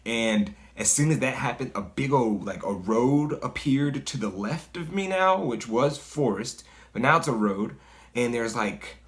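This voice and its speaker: A man casually telling a personal story in a loose, conversational way, full of fillers and swearing. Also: mid-range voice. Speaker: guest storyteller.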